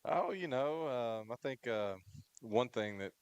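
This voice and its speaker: A man who coaches a school team, speaking on a local radio show in a halting way with many fillers. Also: medium pitch, animated, clean tone, no echo. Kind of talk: casual radio talk.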